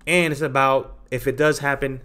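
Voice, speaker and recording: A man's voice: mid-range voice, steady tone, moderate pace, bright, forceful tone, smooth. Guy on a trading channel ranting at viewers, keeps going "okay? right?", pushy and emphatic, mid-range voice. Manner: emphatic and confrontational, repeats tag questions like okay and right. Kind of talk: unscripted rant to viewers.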